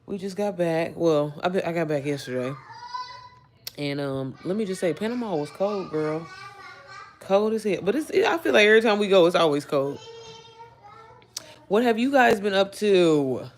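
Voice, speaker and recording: A woman's voice: lowish voice, expressive, moderate pace, long pauses. Chatty woman hosting a home livestream. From Indiana, United States. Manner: chatty, greets viewers by name and reads their comments. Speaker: livestream host. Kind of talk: casual livestream chat. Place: indoors at home.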